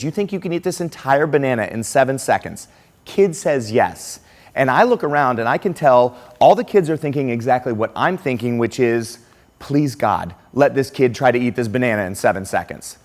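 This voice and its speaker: A middle-aged man giving a conference keynote, telling a classroom story and acting out the quotes. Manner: animated, acts out quotes with lively pitch swings. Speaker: keynote speaker.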